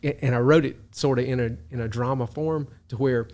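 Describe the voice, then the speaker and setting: A man hosting a video who tells a story in casual talk, animated, chuckling often and restarting his sentences. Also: mid-range voice, fairly quick. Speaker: video host.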